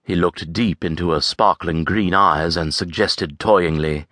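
A man narrating an audiobook in a measured, expressive storytelling manner. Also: sits low, no room sound, studio quality. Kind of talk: scripted narration.

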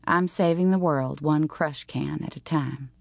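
Woman narrating a kids book in first person, low voice, dry and wry, super dry studio sound. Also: measured pace, gravelly, no echo. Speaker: audiobook narrator. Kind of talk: scripted first-person narration of a teen novel.

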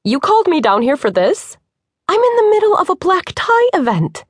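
A woman narrator voicing a confident young woman who runs a construction firm, brisk and teasing in her manner. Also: fairly high pitch, big pitch swings, no room sound, clean studio sound.

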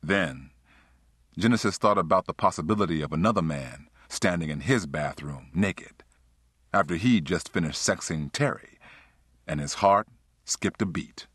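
A man narrating an audiobook in a smooth, expressive storytelling manner. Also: low voice, moderate pace, dry recording, studio quality. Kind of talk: scripted narration.

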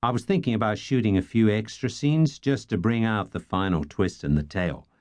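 A man reading the part of a relaxed, friendly male film star with an Australian Californian drawl. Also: on the low side, fairly quick, dry recording, lightly acted. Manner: easygoing drawl.

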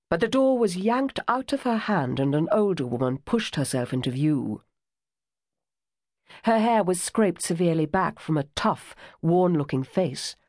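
A woman narrating an audiobook on a close studio mic. Her somewhat low voice moves expressively through the reading. The sound is dry with no room echo. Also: darkish tone. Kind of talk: scripted narration.

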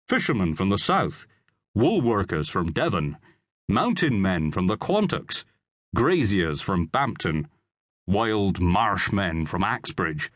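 A man's voice: lowish voice, a bit bright, dry recording, clean studio sound, exaggerated voice. A man voicing a confident rebel soldier and father who speaks of his army in an assured, airy way, in an audiobook reading.

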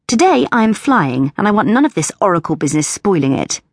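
A woman voicing a spirited young airship pilot who talks briskly and impatiently, in an audiobook. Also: mid-range voice, very animated, no room sound, studio quality, voice pushed up. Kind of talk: audiobook character voice.

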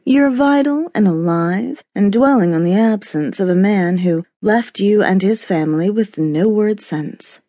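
A woman narrator voicing a sultry, teasing middle-aged woman friend in an audiobook, speaking low and slow. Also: warm tone, no echo, close to an everyday voice. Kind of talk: audiobook character voice.

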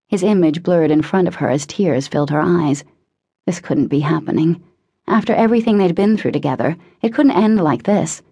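Audiobook narrator, woman, husky lower voice, dramatic measured read. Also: darkish tone. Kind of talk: scripted narration.

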